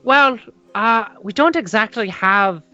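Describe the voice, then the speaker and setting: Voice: mid-range voice, takes it slowly, pushed and bright, dry recording, muffled recording. A player voicing a courteous, apologetic carnival barker who hesitates with fillers.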